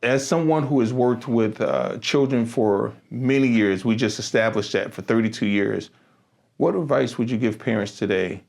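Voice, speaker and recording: A middle-aged man hosting a casual podcast chat. He tells stories with lots of energy, laughs often and trips over his words, doubling them as he goes. His voice sits at an ordinary middle pitch. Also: moderate pace, creaky. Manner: animated storyteller, laughs often, repeats words. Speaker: podcast host.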